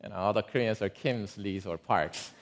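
A man preaching a sermon, telling an illustration in a lively way with asides to his listeners. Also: fairly low pitch, moderate pace. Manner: lively, animated storyteller with asides to the congregation. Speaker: pastor. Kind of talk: sermon storytelling.

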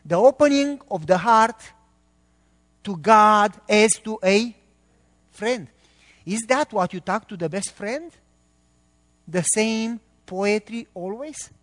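Guy preaching, pitched high, keeps asking the congregation stuff, echo rings long like a big church hall. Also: animated, slow pace, long pauses, a bit bright. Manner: emphatic, quizzes the congregation with questions. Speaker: pastor. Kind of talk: sermon.

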